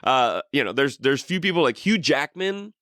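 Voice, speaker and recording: A man's voice: mid-range voice, animated, moderate pace, a bit bright, no echo, studio quality. A man co-hosting a podcast, chatting casually in a rambling, profane way with lots of restarts. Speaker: podcast co-host. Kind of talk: casual chat.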